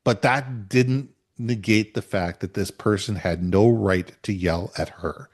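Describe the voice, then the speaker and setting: A middle-aged man co-hosting a podcast, telling a workplace story in an emphatic, animated way. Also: on the low side, a little slow. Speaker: podcast co-host. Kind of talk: conversational storytelling.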